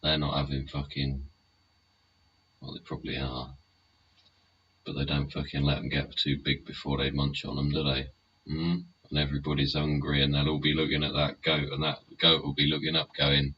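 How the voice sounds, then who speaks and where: A man's voice: rumbling low, little pitch movement, moderate pace, sharp tone, slightly rough. A man hosting a live solo show from home, rambling, swearing a lot and tagging his points with questions. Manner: heavy swearing, tag questions. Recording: muffled lo-fi sound, faint hiss.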